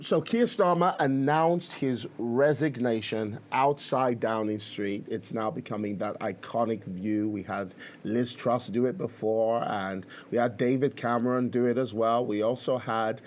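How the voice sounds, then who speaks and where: A man's voice: mid-range voice, darkish tone. Guy doing podcast commentary, rambly, lots of ums and restarts. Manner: chatty, many fillers and restarts. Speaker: podcast host. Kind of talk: casual commentary.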